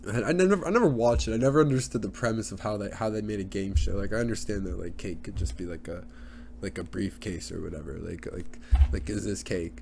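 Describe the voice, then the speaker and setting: A man's voice: fairly low pitch, fast talker, vocal fry, a little mellow, slight background noise. A young man ranting on his solo podcast, rambling and crude, full of fillers. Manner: rambling, crude, with many fillers and put-on voices. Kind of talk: casual solo podcast rant.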